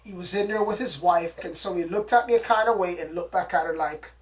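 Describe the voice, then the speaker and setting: Rambly excited storyteller, repeats stuff, mid voice, kinda far from the mic. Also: medium pitch, fairly quick. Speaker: storyteller recounting an alien encounter. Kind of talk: casual spoken storytelling.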